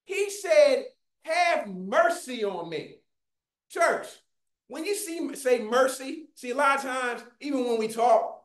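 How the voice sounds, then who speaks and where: A preacher delivering a fervent sermon, often shouting and calling out to the congregation, recorded in a church. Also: mid-range voice. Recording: echoey room.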